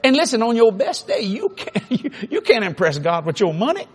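A man preaching a sermon, telling a funny story with laughter and sudden shouts. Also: high-pitched, brisk, slightly rough. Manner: animated, laughing, bursts into shouts.

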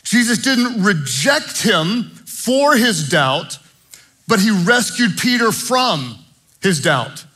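A man preaching a sermon as pastor, earnest, moving between hushed prayer and animated storytelling. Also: high voice, slow pace, slightly rough, poor audio.

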